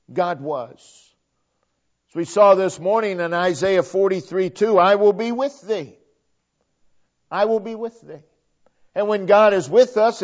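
A man preaching a sermon, quoting scripture at length with emphatic, drawn-out delivery. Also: high voice, darkish tone. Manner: emphatic, drawn-out delivery with frequent Bible quotations. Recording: dull lo-fi sound.

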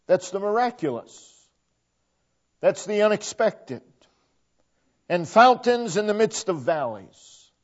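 A man preaching a sermon, quoting scripture at length with emphatic, drawn-out delivery. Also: on the high side, darkish tone. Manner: emphatic, drawn-out delivery with frequent Bible quotations. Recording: dull lo-fi sound.

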